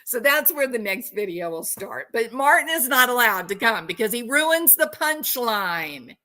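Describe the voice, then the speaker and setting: A woman's voice: on the high side, big pitch swings, moderate pace, sharp tone. A woman hosting a true crime livestream, talking casually and animatedly, laughing and mocking people with impressions.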